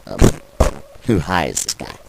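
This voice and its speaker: A man's voice: takes it slowly, heavy background noise. A man commentating on wrestling in a sarcastic, exasperated and crude way.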